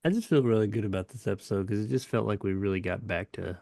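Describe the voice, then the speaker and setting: A man's voice: fairly low pitch, fast talker, vocal fry, warm tone, no room sound, clean studio sound. A man co-hosting a podcast, chatting casually and rambling through a story about himself. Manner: rambling, self-deprecating storyteller. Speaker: podcast co-host. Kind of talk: casual chat.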